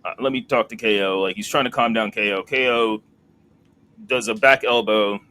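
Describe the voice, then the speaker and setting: A man with a lowish voice co-hosts a relaxed wrestling podcast, walking through the week's events as a loose story. He fills his recap with "uh" and "like." A faint background noise sits under his voice. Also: moderate pace. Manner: storytelling recap, laughs and acts out quotes. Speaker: podcast co-host. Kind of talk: casual wrestling recap chat.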